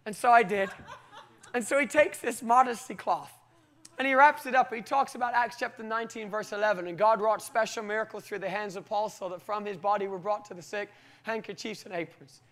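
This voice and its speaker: A British preacher delivers a sermon built around a personal story, his voice sitting very high for a man. He speaks briskly and in an animated way, laughing often as he goes.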